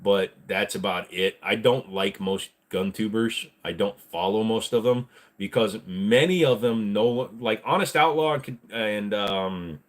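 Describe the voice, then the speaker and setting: A man's voice: lowish voice, a little slow, few pauses. Blunt, rambling man hosting a Q&A. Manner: rambling, blunt, with frequent fillers. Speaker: channel host answering viewer questions. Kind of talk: casual livestream Q&A.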